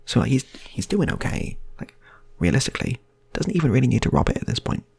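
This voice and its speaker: A man's voice: mid-range voice, very animated, fast talker, creaky, a little mellow, husky, no room sound. A man improvising funny stories in a rambling, playful way, often restarting his sentences. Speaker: storyteller. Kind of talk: improvised comic storytelling.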